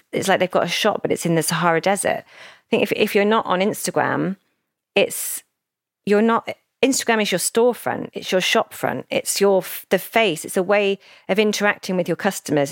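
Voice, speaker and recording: A woman with a fairly low, gravelly voice tells her founder's story in a relaxed interview. She is animated and emotional and slips into quoted voices. The recording is dry and close. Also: no room sound. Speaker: founder of a children's brand, podcast guest.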